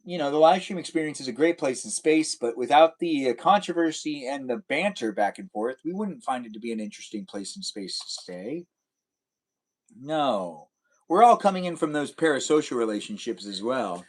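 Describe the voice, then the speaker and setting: A man's voice: mid-range voice, expressive, normal speed. A young man live-streaming a racing game, chatting casually and playfully with viewers and slipping into silly sing-song noises.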